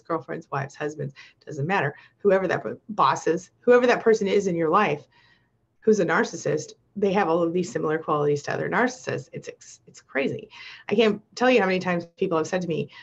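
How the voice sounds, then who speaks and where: Gravelly, husky woman chatting on a live stream. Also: lowish voice, highs cut off. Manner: chatty, laughs often, reads viewer comments aloud. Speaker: host of a live support stream. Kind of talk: casual live chat reading comments.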